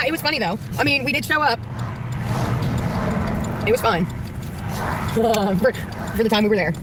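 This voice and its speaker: A woman's voice: a little high, lively intonation, unhurried, very noisy. A woman hosting a casual live stream, telling rambling, profane stories and laughing often.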